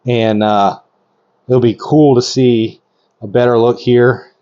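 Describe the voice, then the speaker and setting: A middle-aged man narrating a hands-on video as a reptile breeder, excited and gushing, rambling with lots of ums. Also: medium pitch, takes it slowly, highs cut off.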